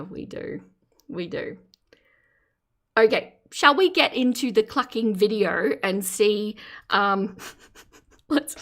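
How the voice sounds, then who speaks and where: Her voice is medium in pitch and a bit bright as she hosts a live reaction stream, casually commenting on a video. She giggles and laughs often, reads her chat aloud and offers playful, teasing commentary.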